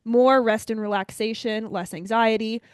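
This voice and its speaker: A young woman co-hosting a podcast, chatting casually and brightly, often addressing listeners as "you guys.". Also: a little high, steady tone, moderate pace, clear, resonant tone, dry recording, studio quality. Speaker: podcast co-host. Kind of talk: casual chat.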